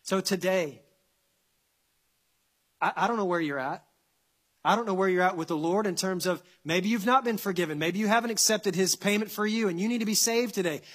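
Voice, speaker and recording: A man's voice: sits high, a little fast, a bit bright. A male pastor preaching a sermon that ends in prayer, earnest and building to impassioned emphasis with repeated phrases.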